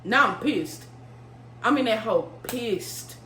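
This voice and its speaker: A young woman vlogger telling a story casually, animated and profane, throwing in vocal sound effects. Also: a little high, takes it slowly. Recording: roomy room with faint hum.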